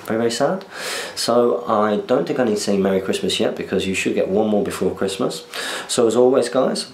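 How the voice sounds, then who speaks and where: The podcast host, a young man from southern England, rambles through a relaxed, self-deprecating chat. His pitch is fairly low, and the audio carries reverb plus a little hiss or hum.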